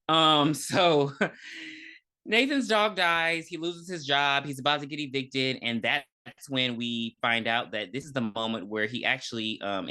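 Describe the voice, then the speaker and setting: Podcast co-host: easygoing man, bright tone, loose jokey recap, plenty of ums. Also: medium pitch. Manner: loose, joking, quick to laugh, many ums. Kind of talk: casual TV recap chat.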